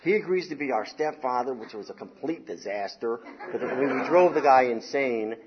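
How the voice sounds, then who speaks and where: A middle-aged man from the Southern US telling a wild story from his youth in a casual, rambling, animated way, dropping "man" and "you know" often. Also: mid-range voice, moderate pace, noisy background. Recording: slightly dull recording.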